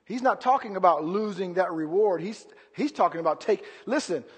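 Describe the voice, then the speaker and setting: A man preaching a sermon with passion, swinging between loud outbursts and low, quiet asides. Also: lively intonation, moderate pace, slightly rough, long reverb tail.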